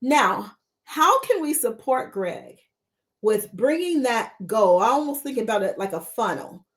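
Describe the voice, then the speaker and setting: A woman's voice: a little high, big pitch swings, unhurried. A woman mentor coach teaching a live-streamed coaching lesson, repeating rhetorical questions to her viewers.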